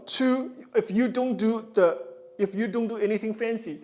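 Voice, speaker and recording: Man, ballet coach, high voice, slow deliberate delivery, sings counts. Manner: animated, counts and sings out steps. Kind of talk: online ballet coaching session.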